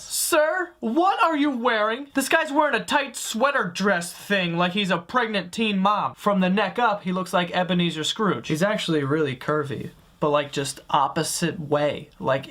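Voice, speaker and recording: A man's voice: sits high, fairly bright tone. A man doing a comedic roast voice-over, profane, sarcastic and mocking. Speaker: comedy commentator.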